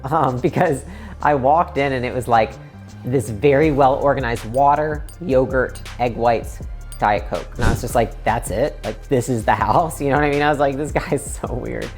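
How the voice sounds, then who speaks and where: Very low-voiced woman telling her story. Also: normal speed, a little mellow, faint music behind. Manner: conversational, frequent "like" fillers, acts out quoted lines. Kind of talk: casual storytelling.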